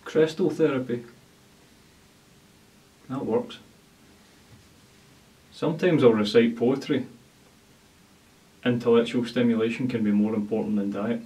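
A man's voice: medium pitch, fairly even intonation, a little slow, pauses often, warm tone, distant mic, low-quality recording. A man speaking in a dreamy, self-admiring way in a documentary interview. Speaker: bearded interviewee.

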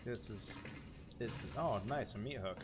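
A man's voice: fairly low pitch, moderate pace. A man in his thirties streaming a horror game, reacting aloud, swearing and talking to his chat. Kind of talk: live gameplay commentary.

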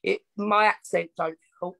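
A woman's voice: mid-range voice, fairly even intonation, unhurried, gravelly, a bit bright, low-quality recording. A woman with an Essex accent, telling her life story as a podcast guest in a chatty, frank, self-mocking way. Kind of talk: casual storytelling interview.

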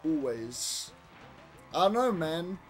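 A loud, excitable young British man who swears casually while commenting on his own speedrun. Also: on the high side, slow. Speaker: speedrunner streaming a racing game. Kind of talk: casual live commentary over gameplay. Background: game music and engine sounds.

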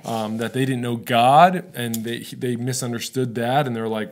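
A man's voice: medium pitch, moderate pace, hardly any pauses. Casual, conversational male pastor preaching. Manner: casual, relatable, often checks in with "right?". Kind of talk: conversational sermon.

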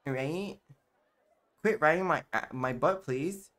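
A woman's voice: low-pitched, unhurried, a bit bright, some chatter behind. A man reading out a mean, snobby popular teen schoolgirl in a game, snapping and mocking. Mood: annoyed. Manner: snippy, dismissive, mocking.

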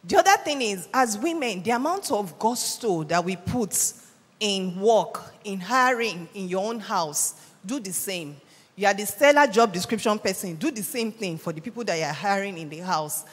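Brief: middle-aged Nigerian woman, lively conference speaker, medium pitch, long hall reverb. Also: moderate pace, breathy edge. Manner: animated storytelling, acts out quoted voices. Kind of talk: motivational talk.

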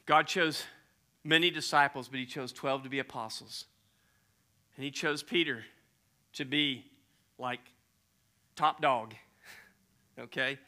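Bright-voiced storytelling pastor. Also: male voice, medium pitch, steady tone, slow pace, pauses often. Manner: conversational storytelling, casual slang. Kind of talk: sermon.

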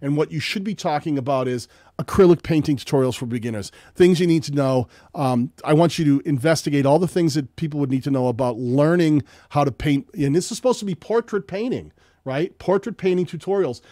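Hoarse guy on a live stream, kinda high voice, dry sound, bossy straight-talking tips. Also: brisk, warm tone, no room sound. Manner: direct, blunt coaching with many "um"s. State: losing his voice from illness. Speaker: live stream host reviewing viewers' channels. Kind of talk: casual live-stream advice. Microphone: streaming setup mic.

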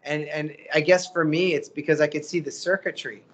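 A middle-aged voice actor chatting as a guest, animated and motivational, often acting out the quotes he tells. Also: fairly high pitch, brisk. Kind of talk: casual interview chat.

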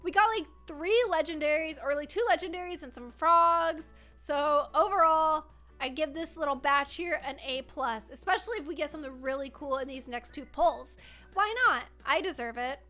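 Brief: young female gaming YouTuber, excitable casual chatter, high bright voice, light music underneath. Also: moderate pace. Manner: excitable, squealing over pulls.

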